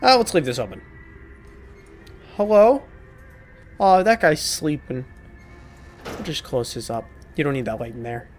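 A man's voice: fairly high pitch, expressive, unhurried, pauses often, faint music behind. A man hosting a horror game playthrough, talking to the characters with joking, profane, mock-apologetic banter. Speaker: gaming video host. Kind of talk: horror game let's play commentary.

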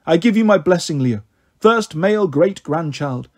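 A man's voice: a little high, expressive, moderate pace, darkish tone. A man doing a dreamy old great-grandfather. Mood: tender. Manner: dreamy, rambling, tender. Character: gentle elderly man, great-grandfather in his seventies.

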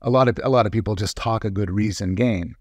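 A man's voice: on the low side, quick pace, dry recording, clean studio sound. A man, a psychologist guest in a podcast interview, arguing his points in a careful, reasoned way. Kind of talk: conversational interview.

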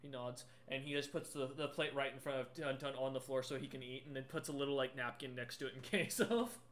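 A man's voice: medium pitch, fairly quick, fairly bright tone. A man running a tabletop game as game master, narrating casually with many fillers and restarts. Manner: casual, filler-heavy, rambling.

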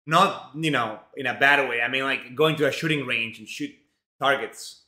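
A man's voice: mid-range voice, normal speed, bright, forceful tone. A young man from Mexico streaming live while he cooks, chatting casually in a rambling, profane way full of fillers. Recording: roomy home echo.

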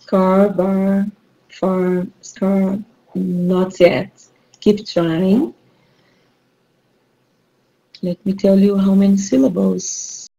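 A woman's voice: medium pitch, steady tone, gravelly, dark tone, dull audio. A woman with a Brazilian accent, a Portuguese native speaker, patiently running a rhyming word game for an online class as the teacher. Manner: slow, patient, encouraging.

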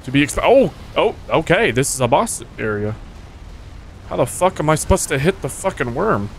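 A man's voice: a little high, moderate pace, slight background noise. A young man streaming a video game, talking casually to his viewers, swearing a lot and yelping when things go wrong. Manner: excitable, swears often, jumps to yelps when hit. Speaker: gaming streamer. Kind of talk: casual gameplay commentary.

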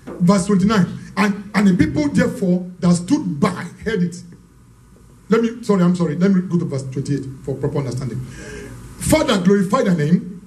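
A man preaching a fervent sermon as pastor, shouting declarations and praying in tongues. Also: high-pitched, expressive, a little fast, a little hiss or hum, rough recording.

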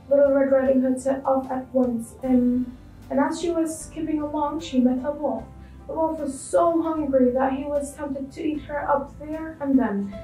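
A woman reading a children's story aloud in a clear, expressive storybook way. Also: sits high, reverberant, recorded from a distance, low-quality recording.

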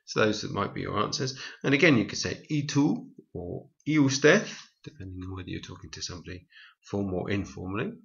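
A man's voice: on the low side, animated, fairly quick, gravelly, a bit bright. A man teaching a Spanish lesson over slides, explaining step by step and correcting his own slips as he goes. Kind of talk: slide-based language lesson. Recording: dull, lo-fi recording.

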